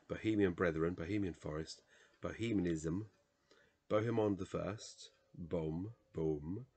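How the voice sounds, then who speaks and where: Tired man, very low voice, unhurried, reads word lists with halting self-corrections. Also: darkish tone, breathy edge. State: tired, late at night. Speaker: video host reading a dictionary aloud. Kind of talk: casual solo reading vlog.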